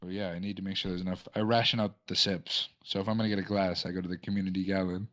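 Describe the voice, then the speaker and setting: A man co-hosting a casual podcast, dropping quick dry jokes and side comments. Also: sits low. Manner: quick wry quips and deadpan asides. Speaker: podcast co-host. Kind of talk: casual chat.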